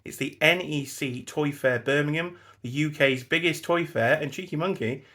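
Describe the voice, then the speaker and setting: A man's voice: on the high side, normal speed, dry recording. An English man hosting a casual road-trip vlog, giving chatty, wry running commentary from a car and then outdoors. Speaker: vlog host. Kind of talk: casual travel vlog narration. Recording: loud road and traffic noise.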